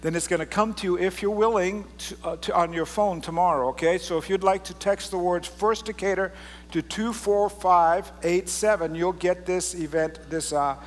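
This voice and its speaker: A pastor preaching a casual, joking sermon and reading scripture aloud with drama. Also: male voice, high-pitched, fairly even intonation, normal speed, long reverb tail. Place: church sanctuary.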